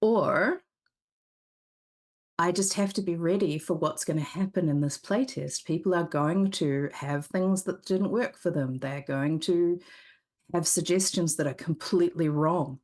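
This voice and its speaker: A woman's voice: on the low side, moderate pace, darkish tone. A woman game designer chatting candidly as a guest, rambling through her stories with many restarts. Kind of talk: casual interview chat. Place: live convention stream set.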